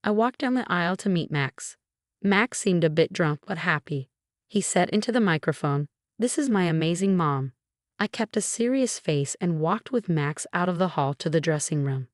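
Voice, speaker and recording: Brief: female storyteller, lowish voice, even read, dry close mic. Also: normal speed, no echo. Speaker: narrator. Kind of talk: first-person story narration.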